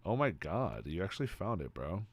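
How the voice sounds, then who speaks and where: A young man streaming live, reading and answering chat in an excitable, casual way, swearing freely and calling everyone "bro". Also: low-pitched, normal speed, husky.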